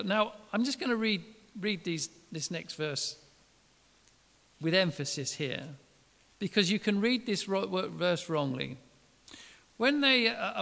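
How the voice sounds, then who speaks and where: A man preaching a sermon, retelling a Bible story in a lively, colloquial way and acting out the quotes. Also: sits high, vocal fry. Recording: long hall reverb.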